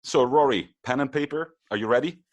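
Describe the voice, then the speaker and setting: A man's voice: medium pitch, fairly quick. A man with an Italian accent co-hosting a casual football podcast, teasing his co-host as he runs a quiz. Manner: playful, quizmaster teasing.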